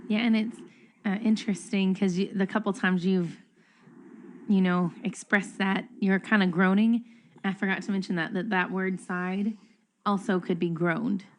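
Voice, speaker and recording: A woman's voice: mid-range voice, fairly even intonation, moderate pace. A woman, a mother, chatting candidly and with self-deprecation in a Bible study discussion. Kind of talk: casual Bible study chat.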